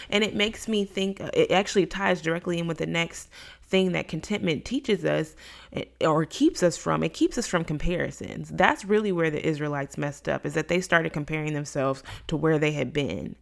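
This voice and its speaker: A woman's voice: deep voice, moderate pace, vocal fry. A woman giving a casual Bible lesson, talking conversationally and acting out the complaints she quotes. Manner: conversational, acts out quoted complaints in lively voices. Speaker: Bible study teacher.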